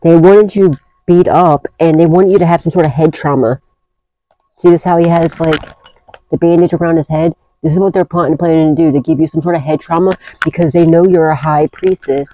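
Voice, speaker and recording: A woman's voice: deep voice, fairly even intonation, a little fast, mellow, dry recording, muffled recording. A woman giving a casual tarot reading, blunt and profane, rambling through restarts as she talks to her viewers. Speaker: tarot reader.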